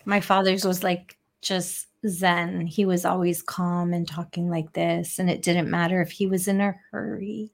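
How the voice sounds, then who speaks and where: A woman co-hosting a live talk show, chatting casually in a loud, talkative way and laughing readily. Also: fairly low pitch, little pitch movement, measured pace, gravelly, few pauses.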